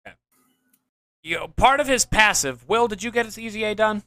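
Young man, podcast host, casual gaming chat, slightly high voice, rambling, enthusiastic. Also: animated, brisk, sharp tone, no echo. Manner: rambling, many restarts, enthusiastic explaining.

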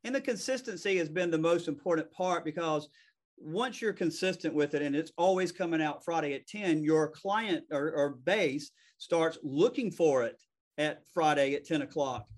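A man with a Southern US accent talks quickly and loosely, poking fun at himself as he goes. His voice sits a bit high for a man. He is a real estate attorney speaking as a guest over a video call. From American South. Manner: fast-talking, self-deprecating. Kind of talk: casual interview chat.

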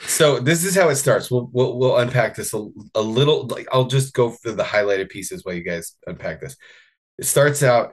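A man's voice: medium pitch, normal speed. A man co-hosting a podcast, reading an article aloud with wry asides and laughs. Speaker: podcast co-host.

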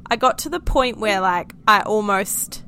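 A woman's voice: mid-range voice, animated, a little slow, sharp tone, a little hiss or hum. A woman with a New Zealand accent, co-hosting a parenting podcast and telling a story in casual chat full of fillers. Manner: chatty storytelling with frequent fillers and laughs. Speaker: podcast co-host, mother.

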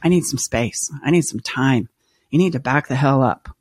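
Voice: medium pitch, moderate pace, no room sound, studio quality, lightly acted. A podcast host acting out a fed-up partner who bluntly demands space. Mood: annoyed. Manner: firm, blunt, defensive.

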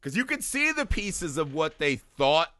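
Male podcast co-host, bright and punchy, casual movie-riffing chat, dry close sound. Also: fairly high pitch, measured pace, no room sound. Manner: animated, swearing, mocking impressions.

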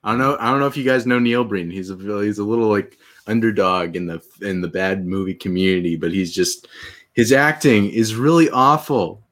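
A man guest in a casual chat, talking in a halting, rambling way. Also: lowish voice, fairly bright tone. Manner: rambling, halting, with many restarts.

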